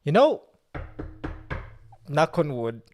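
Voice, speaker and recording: Slow-talking joking male streamer. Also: a little high, very animated, a little mellow, soft background music. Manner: joking, laughs often, self-mocking. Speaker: live streamer. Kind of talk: casual live-stream chat.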